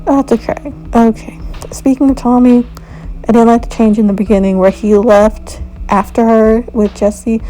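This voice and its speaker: A woman's voice: a little high, fairly even intonation, moderate pace, warm tone, soft background music, low-quality recording. A woman giving a frank, opinionated review in a casual rant, often exasperated. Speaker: video reviewer.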